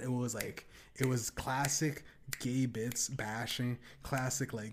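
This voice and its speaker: A man's voice: medium pitch, steady tone, takes it slowly, slight background noise. A young man hosting a podcast, telling crude, rambling stories and laughing often. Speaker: podcast host. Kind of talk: casual podcast rant.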